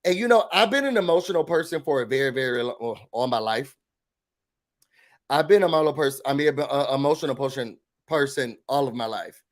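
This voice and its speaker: A man hosting a casual livestream recap, talking in an animated, sassy way and pushing his opinions hard. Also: medium pitch, brisk. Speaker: YouTube recap host.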